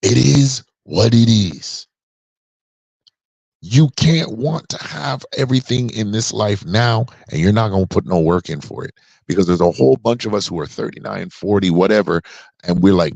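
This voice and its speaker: A man's voice: lowish voice, normal speed, gravelly, a little mellow, no room sound. A man around forty giving an emphatic, preachy opinion monologue on a podcast. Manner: emphatic and preachy, drawing out key words. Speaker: podcast commentator.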